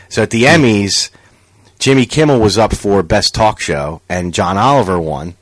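A man's voice: on the low side, no room sound. Dry-sounding man telling a story. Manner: animated storyteller, acts out quotes, swears. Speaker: podcast co-host. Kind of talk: casual chat.

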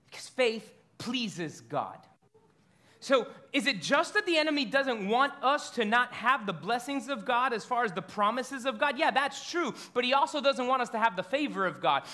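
Pastor, man in his thirties, high and bright, lively sermon with stumbles and repeats. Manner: animated storytelling preacher, stumbles and repeats words.

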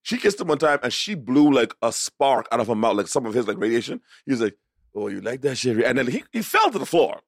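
A man co-hosting a podcast, telling stories excitedly and swearing. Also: mid-range voice, quick pace, hardly any pauses, dry recording, clean studio sound. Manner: excitable storyteller, profane. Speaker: podcast co-host. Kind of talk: casual banter.

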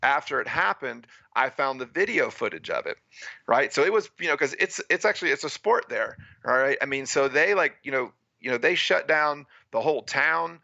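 A man from the United States telling a story as a guest in a casual interview, animated and peppering his talk with "right?" and "you know". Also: medium pitch, moderate pace, creaky, dry recording, highs cut off. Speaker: guest, freediving and spearfishing instructor.

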